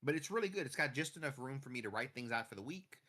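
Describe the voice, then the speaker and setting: A man's voice: medium pitch, lively intonation, fast talker, sharp tone. A man chatting casually and rambling off the cuff while streaming a farming game. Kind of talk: casual chat while gaming.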